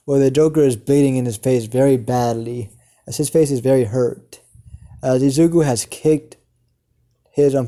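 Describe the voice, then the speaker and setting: A man improvising a fan story, narrating haltingly with many filler sounds. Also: mid-range voice, warm tone.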